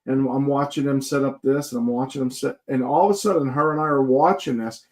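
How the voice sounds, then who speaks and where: A man's voice: medium pitch, steady tone, brisk. Casual man, joking guest storyteller, rambling, filler-heavy chat. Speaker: guest paranormal investigator.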